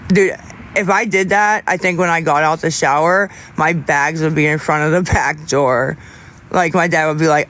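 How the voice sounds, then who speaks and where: A young man livestreaming, chatting casually with viewers in a rambling, halting way with many restarts. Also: fairly high pitch, steady tone, fairly bright tone.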